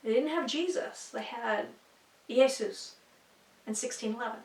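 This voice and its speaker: Chatty female Bible teacher, high pitch, recorded from a distance in a reverberant room. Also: fast talker. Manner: chatty, with fillers and asides, checking in with "okay?" and "right?". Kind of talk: casual classroom explanation. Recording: echoey room, mic at a distance.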